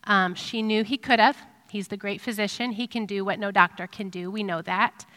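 A middle-aged woman giving an earnest, reflective devotional sermon, pausing with ums. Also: mid-range voice, steady tone, pushed and bright. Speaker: speaker giving a devotional talk. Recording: long reverb of a hall.

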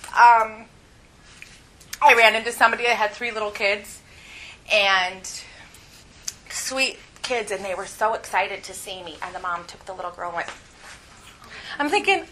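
A woman's voice: mid-range voice, a little slow, long pauses, bright, forceful tone, rough recording. A middle-aged woman teaching a Bible lesson at church, candid and confessional, laughing often as she talks.

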